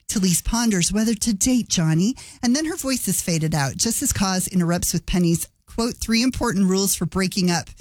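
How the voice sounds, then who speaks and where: A woman's voice: medium pitch, moderate pace, few pauses, a little mellow, no room sound. A woman radio host narrating a scripted feature, chatty and adding light asides. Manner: conversational, adds light asides.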